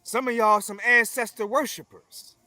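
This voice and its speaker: High-voiced forceful man, preaching cadence. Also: fairly even intonation, moderate pace, no room sound, soft background music. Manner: forceful, emphatic, preaching cadence with repeated phrases; profane, blunt. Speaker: interview guest. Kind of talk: confrontational conversational interview.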